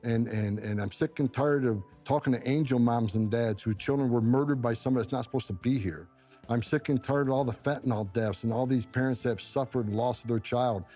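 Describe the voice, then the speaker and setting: A man's voice: medium pitch, brisk, dark tone, soft background music. A middle-aged man from upstate New York, a former immigration enforcement director, giving intense, emotional interview answers and repeating himself when moved.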